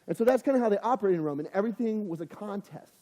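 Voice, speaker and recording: A young man preaches casually to teenagers, acting out the people he quotes along the way. His voice sits high for a man and sounds mellow. It carries a long, reverberant tail from the hall. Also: lively intonation, rapid-fire. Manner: conversational, acts out quoted voices. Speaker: youth pastor. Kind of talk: casual youth sermon.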